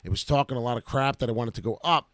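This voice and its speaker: Man, brash crypto streamer, excited live market commentary, mid-pitched voice, dry recording. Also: fast, no echo. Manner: hyped, brash, talks over charts while trading live.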